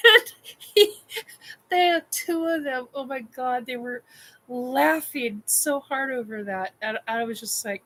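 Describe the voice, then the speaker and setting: A woman's voice: a little high, animated, slow pace, long pauses, a bit bright, poor audio. A woman hosting a casual chat show, telling a funny personal story in a candid, blunt way and laughing often. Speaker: podcast host.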